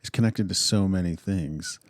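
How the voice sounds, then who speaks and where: A man co-hosting a radio talk show, chatting in a relaxed, conversational way. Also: low voice, moderate pace, no echo, studio quality. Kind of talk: casual discussion.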